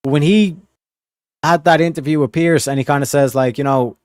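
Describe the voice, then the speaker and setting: A man's voice: a little high, brisk, darkish tone, clear, resonant tone, no echo, studio quality. A man hosting a livestream, chatting casually and rambling with plenty of "like" and swearing. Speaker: livestream host.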